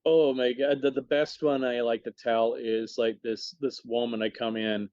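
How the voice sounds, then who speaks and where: A man chatting as a podcast guest, telling stories animatedly with lots of quick restarts. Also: mid-range voice, level tone, a little mellow, smooth, no room sound. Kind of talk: casual chat, storytelling. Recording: dull dry sound.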